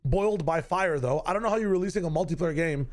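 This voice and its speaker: A male streamer riffs through a watch party in loose, slangy talk. His voice sits a touch high, and he swears freely while greeting viewers by name. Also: quick pace. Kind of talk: casual live-stream commentary.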